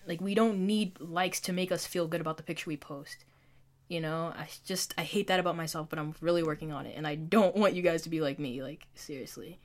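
A young woman vlogging in a casual, confessional chat, talking loosely, filling with "like" and poking fun at herself. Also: on the low side. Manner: chatty, fills with "like", self-mocking.

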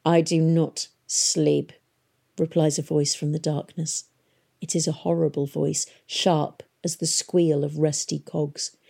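A woman narrating an audiobook in a steady, expressive storytelling manner. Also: low voice, a little slow, vocal fry, husky.

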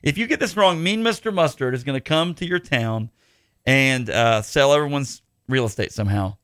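Rambling and joking with lots of fillers, a man hosts a podcast in a casual chat. His voice is mid-range, animated and fairly bright, at a normal speed, and the studio recording sounds clean and dry.

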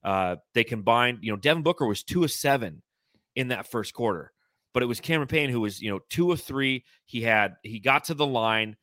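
A man's voice: mid-range voice, fairly quick, no echo, clean studio sound. A young man co-hosting a casual sports podcast, rattling through stats and breaking down plays in a chatty way. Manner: chatty, stat-heavy, animated breakdowns. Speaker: podcast co-host.

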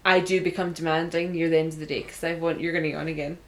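A woman's voice: low-pitched, little pitch movement, fast talker, fairly bright tone, a little hiss or hum. A young Scottish woman chatting casually on a podcast, sarcastic and sweary. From Scotland. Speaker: podcast co-host. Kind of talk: casual chat.

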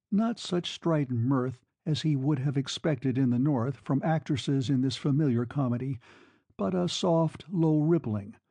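A man narrating a classic novel in a measured, unhurried reading. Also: medium pitch, mellow, dry recording. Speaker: audiobook narrator.

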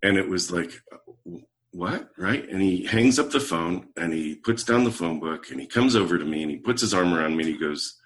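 A middle-aged man with a deep voice talks briskly, barely pausing, as he shares a personal story in conversation. He's a leadership coach appearing as a podcast guest, and he animates the tale by acting out what the people in it said.

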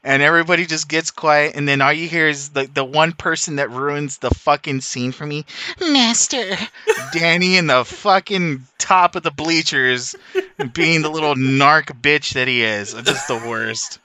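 A man in a casual podcast chat, retelling movie scenes with excited, profane storytelling. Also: on the high side, normal speed, clear, resonant tone, no room sound.

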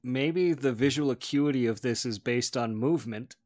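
A man's voice: mid-range voice, normal speed, darkish tone, no echo. A man on a podcast answering questions with dry, joking explanations. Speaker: podcast guest expert. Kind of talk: casual podcast discussion.

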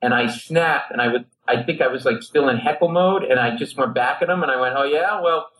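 This low-quality recording catches a middle-aged man from Rhode Island, USA, speaking briskly in a mid-range voice. He's a comedian guest on a talk show, spinning a long, lively tale and voicing its characters himself.

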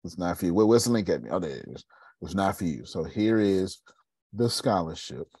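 A man's voice: deep voice, animated, a little fast, a little mellow, slightly rough, no room sound. A man hosting a coaching meeting, talking in a casual, blunt style, repeating points and swearing freely while calling on listeners by name. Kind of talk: casual motivational talk.

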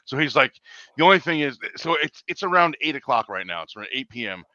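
A man's voice: mid-range voice, very animated, quick pace, bright, forceful tone, no echo, muffled recording. A man, a rideshare driver, telling a story in casual chat, rambling, restarting words and acting out what people said.

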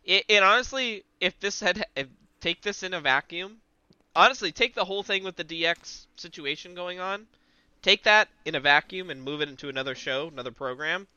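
A man's voice: high voice, a little fast, bright, forceful tone, smooth, no room sound, muffled recording. A man co-hosting a casual podcast, rambling and wisecracking as he reacts, swearing freely. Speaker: podcast co-host. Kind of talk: casual chat watching wrestling.

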